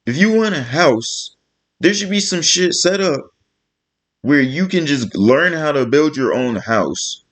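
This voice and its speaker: Fed-up man ranting, high-ish voice. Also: animated, measured pace, fairly bright tone. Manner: blunt, profane and exasperated. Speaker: vlogger. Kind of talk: ranting vlog monologue.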